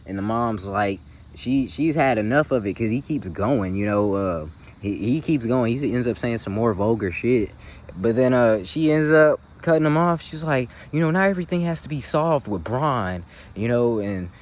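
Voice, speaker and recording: A man casually retelling a film's plot in slangy, loose talk, often checking in with the listener. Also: fairly low pitch. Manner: slangy, loose, full of "you feel me" asides. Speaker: movie recap host. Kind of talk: casual film recap.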